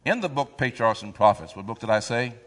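Animated preacher man in a reverberant hall. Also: mid-range voice, a little fast. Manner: call-and-response, quoting scripture, sudden loud swells. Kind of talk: sermon.

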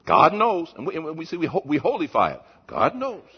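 A man preaching a sermon as pastor, swinging between shouted points and low, quiet asides. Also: huge pitch swings, quick pace, husky. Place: church. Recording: muffled lo-fi recording.

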